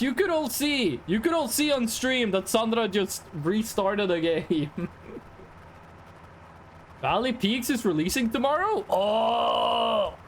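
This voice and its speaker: High, lively young Norwegian man. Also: a little hiss or hum. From Norway. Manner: rambling, chatty, talks straight to chat. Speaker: streamer. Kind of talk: casual live-stream chat while gaming.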